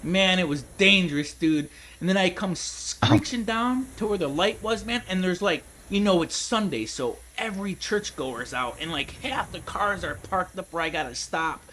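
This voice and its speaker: A man's voice: sits high, lively intonation, normal speed, few pauses, sharp tone, slight background noise, low-quality recording. A young man gaming at home, telling a long rambling story, laughing often and calling people dude and man. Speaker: gaming streamer. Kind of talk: casual storytelling while gaming.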